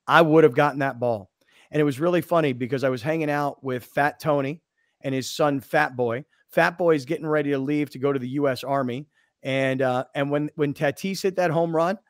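A man hosting a sports talk radio show, telling a story in an animated, excitable way. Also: a little high, dry recording, clean studio sound.

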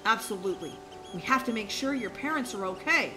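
A woman voicing a kind, caring adoptive dad in a game role-play, speaking gently and reassuringly. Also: mid-range voice, lively intonation, a little fast, pitched below the performer's own voice, lightly acted. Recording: loud background game music.

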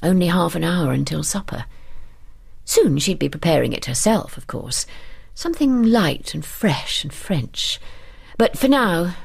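Soft-spoken woman narrator for sleep audiobooks, low creaky voice. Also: lively intonation, a little slow. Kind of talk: calm audiobook reading for sleep.

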